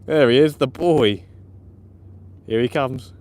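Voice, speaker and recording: A man commenting live on his night fishing session, chatty and excitable, laughing often, outdoors by the water. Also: medium pitch, takes it slowly. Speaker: fishing vlogger. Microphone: camera or phone mic on a live stream.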